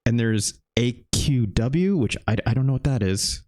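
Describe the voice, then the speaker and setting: A man in his thirties streaming a retro game, chatting with viewers in a loose, animated way and swearing casually. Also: medium pitch, normal speed. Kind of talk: live game stream chat.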